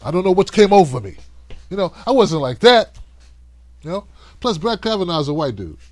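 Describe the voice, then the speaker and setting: A man hosting a livestream of political commentary, talking in an animated, conversational way and cussing freely. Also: high voice, normal speed, no echo. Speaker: host.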